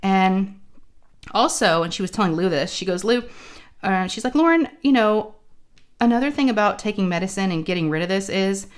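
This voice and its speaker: A woman's voice: mid-range voice, a little fast, clean tone. A woman with a sore throat, telling a story in casual chat and acting out the people she quotes. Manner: chatty, acts out quoted dialogue. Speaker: crafting channel host.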